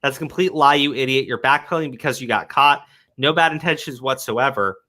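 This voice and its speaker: A man's voice: mid-range voice, a little fast, pushed and bright. A man hosting a commentary stream, talking heatedly, swearing often and repeating words as he goes. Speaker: commentary show host. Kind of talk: casual commentary chat.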